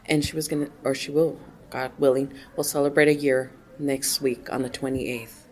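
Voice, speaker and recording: A woman's voice: a bass voice, steady tone, normal speed, a little mellow. A woman answering interview questions at a conference, effusive and full of exclamations. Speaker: conference attendee, AA member.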